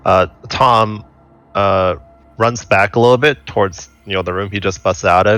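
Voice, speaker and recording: A man's voice: fairly low pitch, steady tone, normal speed, a bit bright. A man playing a tabletop game, declaring his character's moves casually with fillers and laughs. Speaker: player.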